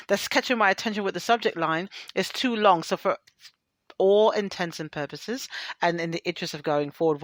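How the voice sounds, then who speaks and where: A woman radio host with a lowish voice talks casually between songs, thinking out loud and sorting through listener mail. Her sound is dry and close, with no room around it. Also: no room sound. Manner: loose, candid, thinking aloud and reading out plans. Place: radio studio.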